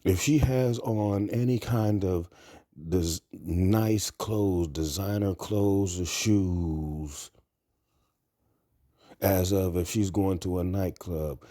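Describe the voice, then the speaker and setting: A man's voice: deep voice, warm tone, no room sound, clean studio sound. A man talking to camera in a blunt, crude, rambling monologue. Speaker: vlogger. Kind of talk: casual monologue.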